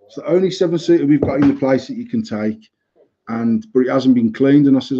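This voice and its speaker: Sweary British man ranting, husky voice. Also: medium pitch, brisk. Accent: British English. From United Kingdom. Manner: heated, sweary, animated storytelling. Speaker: podcast host. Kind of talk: casual chat, ranting anecdote. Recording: slightly muffled lo-fi recording.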